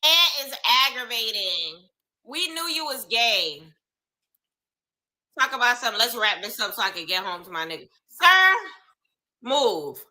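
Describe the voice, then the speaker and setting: A woman's voice: fairly high pitch, expressive, moderate pace, sharp tone, poor audio. A young woman giving live reaction commentary on reality TV, exclaiming and talking to her viewers in casual slang.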